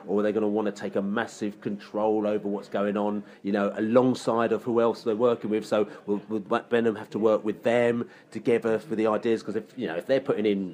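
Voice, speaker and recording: A man's voice: fairly low pitch, level tone, fast, hardly any pauses, darkish tone. A man talking casually on a football fan podcast, rambling and full of "you know". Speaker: podcast co-host. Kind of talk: casual pub podcast chat.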